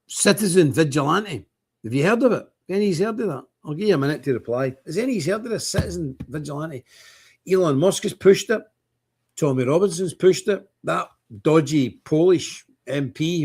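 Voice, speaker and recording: A man's voice: a little high, breathy edge. Chatty older man streaming. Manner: chatty, rambling, greets viewers by name. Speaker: livestream host. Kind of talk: casual livestream chat with scripture reading. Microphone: phone camera.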